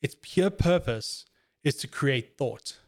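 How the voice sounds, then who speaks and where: A man's voice: mid-range voice, animated, takes it slowly. A man chatting casually in an earnest, reflective way, telling stories about handling his own emotions. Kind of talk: casual chat.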